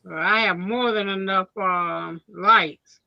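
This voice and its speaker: An older woman chatting with friends, speaking haltingly with many restarts. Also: mid-range voice, steady tone, gravelly. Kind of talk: casual group chat. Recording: dull lo-fi sound.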